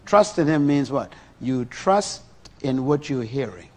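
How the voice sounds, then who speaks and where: Middle-aged male preacher, animated sermon, rhetorical questions, lively pitch. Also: measured pace.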